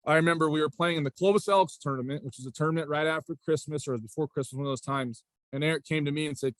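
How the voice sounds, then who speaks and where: A man in his forties, a basketball coach and athletic director, talks in a relaxed interview way. His voice sits a bit high for a man and sounds close and dry, with no room around it. He rambles, restarts sentences and keeps circling back with "again" and "right?". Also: quick pace, hardly any pauses, dry recording. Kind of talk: casual interview storytelling.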